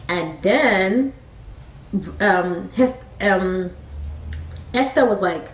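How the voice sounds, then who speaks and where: A woman with a Nigerian accent retelling a Bible story in a chatty, animated way, with laughing asides. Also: on the low side, measured pace. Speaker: faith storyteller, vlogger. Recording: roomy sound from a distant mic.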